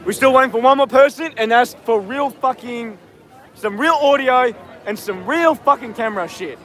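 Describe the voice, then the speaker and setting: An Australian man livestreaming from a city street, talking loudly, swearing and rallying his viewers. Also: very high-pitched, moderate pace, a faint crowd, a little hiss or hum. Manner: loud, profane, rallying. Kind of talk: live street stream.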